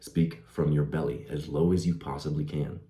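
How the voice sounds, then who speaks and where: A man's voice: extremely low pitch, fairly even intonation, normal speed, warm tone. A young man giving casual self-improvement advice in a laid-back way, dropping "bro" and "like" as he talks. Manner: laid-back, says "bro" and "like", laughs easily. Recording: roomy echo.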